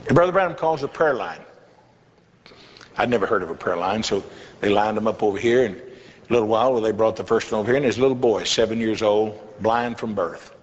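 Recorded in an echoey hall with slightly dull audio and faint hiss, an older man who is a pastor shares a folksy testimony during a sermon, punctuated by chuckling asides. His pitch is fairly low and his pace a little fast.

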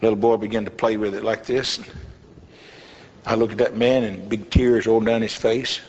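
A man's voice: on the low side, level tone, normal speed, darkish tone. An older man, a pastor, telling a folksy testimony in a sermon with chuckling asides. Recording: echoey hall, slightly dull with faint hiss.

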